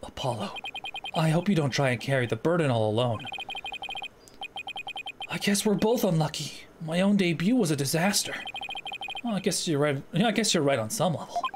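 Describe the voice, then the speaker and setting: A woman's voice: lowish voice, noisy background, lightly acted. A woman reading earnest young lawyer Apollo Justice. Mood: reflective. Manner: sincere, rising to loud pep-talk cheers. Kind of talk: fan dub of a game.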